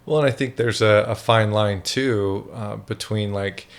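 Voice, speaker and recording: A man's voice: on the low side, steady tone, unhurried. A man hosting a podcast conversation, asking questions and thinking aloud.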